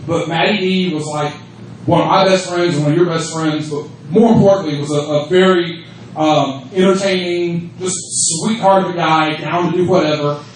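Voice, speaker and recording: A man in his thirties spins profane, lively stories at a fan panel, laughing often, his voice sitting somewhat high for a man. He is heard from a distance through a phone in the audience. The sound rings with heavy room echo, and faint ambient noise sits beneath it. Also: moderate pace. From United States. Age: 30s. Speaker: wrestling promotion creative head on a fan panel. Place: convention room at a fan event. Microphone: phone held in the audience.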